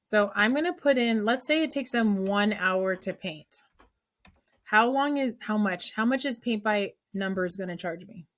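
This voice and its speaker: A woman teaches a math class in a lively, chatty way. She explains each step aloud and keeps checking in with the students. Her voice sits at an everyday middle pitch. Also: unhurried. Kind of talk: classroom lesson.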